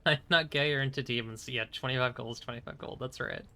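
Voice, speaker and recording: Young male streamer, bright tone, loose casual chat, halting and chuckly. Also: mid-range voice, fairly even intonation. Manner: rambling, hesitant, lots of fillers and restarts, chuckling. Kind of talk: casual chat while playing a game.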